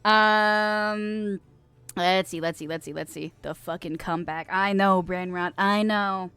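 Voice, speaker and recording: A woman's voice: medium pitch, fairly even intonation, a little slow, a bit bright, clear, resonant tone, no room sound. A woman in her twenties streaming a game, chatting casually and swearing with her viewers. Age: 20s. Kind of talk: casual gaming stream chat.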